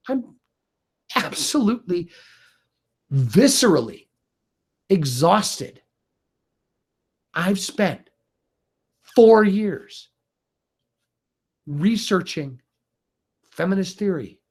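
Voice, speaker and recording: A man's voice: high-pitched, slightly rough. Heated, foul-mouthed middle-aged man. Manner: heated, profane, exasperated. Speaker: video blogger. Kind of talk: angry rant to camera.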